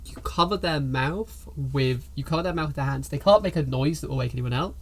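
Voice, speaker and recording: A man's voice: fairly high pitch, brisk, gravelly. A man narrating a tabletop game as game master, chatty with frequent restarts. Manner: chatty, many fillers and restarts.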